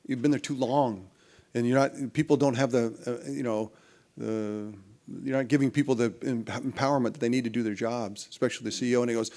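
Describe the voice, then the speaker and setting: A middle-aged man being interviewed, spinning long business anecdotes. He rambles through restarts and fillers and jumps into lively voices for the people in his stories. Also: mid-range voice. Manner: animated anecdotes, acts out other people's lines. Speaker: interview guest.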